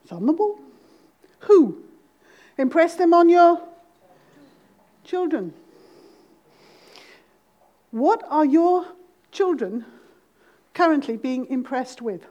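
A middle-aged Welsh woman with a Welsh accent, preaching a sermon to a congregation with humor and dramatic pauses. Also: high-pitched, big pitch swings, mellow, dull audio. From Wales.

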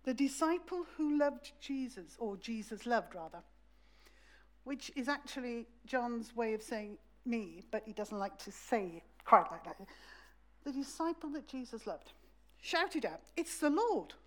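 Animated woman preaching a sermon. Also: a little high, a little slow. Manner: lively storytelling, acting out voices. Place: church.

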